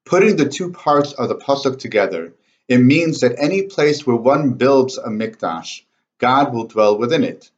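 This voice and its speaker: A man delivers a scripted Torah talk at an even, mid-range pitch. He explains each point step by step and takes care over his Hebrew pronunciation. The recording is slightly dull and lo-fi. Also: normal speed. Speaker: Torah speaker.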